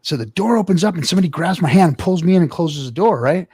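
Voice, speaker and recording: A man on a casual podcast telling a story, animated and swearing a lot, acting out others' voices loudly. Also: sits high, fast, slightly rough, no echo, studio quality. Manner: animated, loud quoted voices, swears often. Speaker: podcast co-host.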